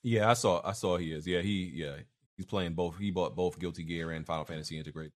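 A man's voice: sits low, fairly even intonation, a little fast. A man co-hosting a casual gaming podcast, talking in a laid-back way with lots of fillers. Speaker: podcast co-host.

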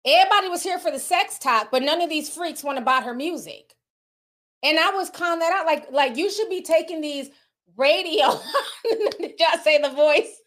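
High-pitched woman commentator, blunt and animated, swears a lot, casual chat. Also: normal speed.

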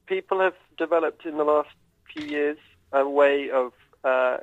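A man calling in as a guest, hesitant and halting, explaining things softly. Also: a little high, dry recording. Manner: hesitant, halting, soft-spoken. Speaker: guest caller. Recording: dull lo-fi call line.

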